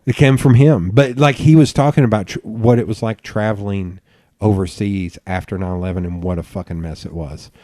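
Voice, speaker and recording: Man, podcast host, low dark voice, casual chat, swears a lot, animated storyteller, laughs often, dry close sound. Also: brisk, dry recording. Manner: laughs often mid-sentence.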